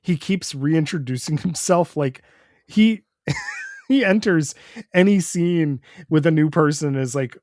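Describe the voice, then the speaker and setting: A man's voice: on the high side, huge pitch swings, unhurried, a little mellow, dry recording, clean studio sound. A man co-hosting a comics podcast, recapping the plot in an easygoing way with fillers. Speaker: podcast co-host. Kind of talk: casual comics chat.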